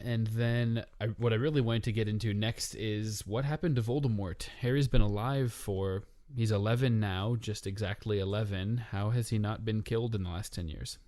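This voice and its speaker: Low-voiced, dry-witted male podcast host. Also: mellow, no echo. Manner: dry teasing humor, guides with questions. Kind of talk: casual podcast book discussion.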